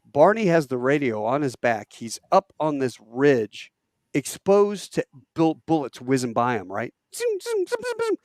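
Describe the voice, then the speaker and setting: Man, podcast guest, animated storyteller, acts out quotes, halting, medium pitch, dry recording. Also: no room sound.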